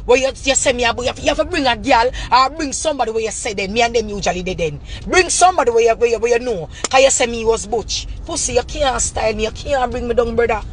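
A Jamaican woman ranting to camera in a heated, profane, repetitive tirade that breaks into shouting. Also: fairly high pitch, fast talker, few pauses. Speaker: vlogger. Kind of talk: angry rant to camera.

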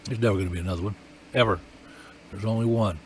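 A man's voice: lowish voice, steady tone, quick pace, darkish tone. Emphatic male preacher, faint noise behind. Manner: emphatic, repetitive, rising and falling with emotion. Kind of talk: sermon.

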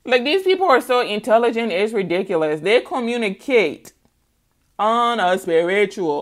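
Laughing, animated woman reading tarot. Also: a little high. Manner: animated, laughing, sing-song asides, folksy slang. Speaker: tarot reader. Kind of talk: casual tarot reading monologue.

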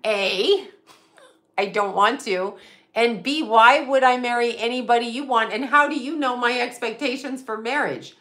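A woman's voice: on the high side, moderate pace, fairly bright tone. A middle-aged woman, a psychic medium, ranting in casual livestream chat, swearing and laughing often. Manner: profane, ranting and laughing a lot.

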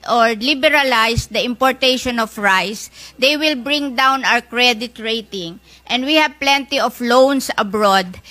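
A woman with a Filipino accent presses her case, firm and insistent, reeling off figures. Her voice sits fairly high and has a bright, sharp edge. She sounds like an experienced lawmaker who will not back down. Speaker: senator. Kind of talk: debate.

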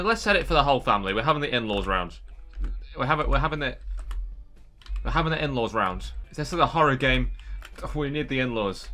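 A man giving joking, excitable commentary while playing a game, often breaking into startled yelps. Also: medium pitch. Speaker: gameplay streamer. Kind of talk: casual let's-play commentary.

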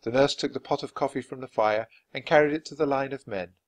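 A man reading a children's chapter book aloud at a clear, natural pace for language learners. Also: medium pitch, fast talker. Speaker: storyteller.

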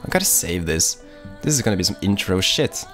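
Low-voiced man rambling over gameplay. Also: big pitch swings, brisk, a bit bright, soft background music. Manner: rambling, swears a lot, offhand. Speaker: gaming YouTuber. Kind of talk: casual let's-play commentary.

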